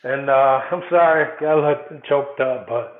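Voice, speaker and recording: A man's voice: mid-range voice, normal speed. A man from Chicago, a former baseball player, telling his story as an interview guest and acting out the people in it. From South Side of Chicago. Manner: animated storyteller, acts out quotes. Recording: echoey, phone-like sound.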